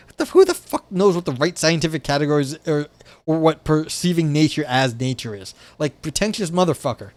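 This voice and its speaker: A young man reads philosophy aloud on a live stream from his desk by a window, breaking in with wry, profane asides packed with "like" and restarts. His voice is a little high, with no room sound.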